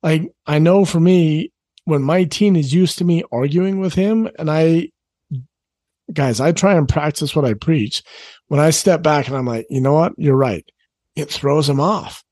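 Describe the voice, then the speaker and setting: A man's voice: a little high, a little slow, darkish tone, dry recording. A middle-aged man coaching parents in an earnest, conversational talk, repeating his key phrases. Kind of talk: direct-to-camera advice talk.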